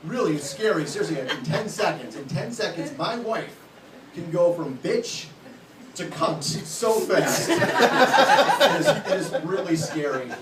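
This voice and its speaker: A man's voice: high voice, big pitch swings, a little slow, a crowd in the background. A man in his late thirties doing a stand-up comedy set on a club stage, joking bluntly and crudely at his own expense. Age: late 30s. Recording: echoey room, distant mic, loud background noise.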